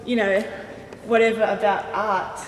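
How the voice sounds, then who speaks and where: A woman's voice: medium pitch, level tone, a little slow, long reverb tail. A woman, a graffiti artist and art teacher, chatting casually in an interview, rambling and laughing often. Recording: noisy on-location recording.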